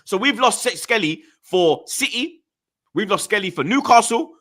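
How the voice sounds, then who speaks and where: Young male football host, London street accent, animated and fired-up ranter, high-ish voice. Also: moderate pace. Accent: London multicultural English. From Jamaican heritage, London. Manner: animated ranting, slang-heavy, stutters when angry. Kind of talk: heated casual football chat.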